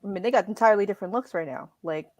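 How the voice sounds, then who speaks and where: A woman co-hosting a casual wrestling podcast, animated and quick to laugh. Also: medium pitch, dry recording. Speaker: podcast co-host.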